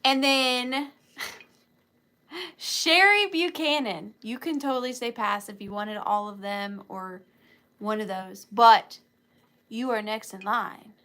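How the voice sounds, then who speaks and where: A woman's voice: a little high, slow, pauses often, a bit bright. A woman hosting a live online sale, chatting casually with viewers in a giggly, joking way. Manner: chatty and giggly, jokey asides.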